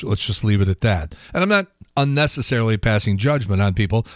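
Ein Mann mittleren Alters, der als Podcast-Moderator unverblümt und meinungsstark vor sich hin schimpft, mittlere Stimmlage, trockene Aufnahme ohne Hall. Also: male voice, mid-range voice, clean studio sound. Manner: blunt, opinionated, grumbling rant with swearing. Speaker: podcast host. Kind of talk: casual monologue, movie review.

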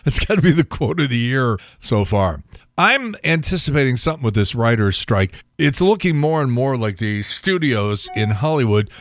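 A man's voice: mid-range voice, big pitch swings, normal speed, no room sound, studio quality. A man hosting a talk radio show, chatting in a wry, blunt way with some swearing. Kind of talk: casual talk radio monologue.

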